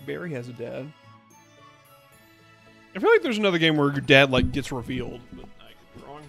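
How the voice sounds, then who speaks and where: A man's voice: mid-range voice, lively intonation, a little fast, creaky, a bit bright, soft background music. A man giving casual gameplay commentary on his stream, rambling and playful, often restarting his sentences. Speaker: VTuber streamer.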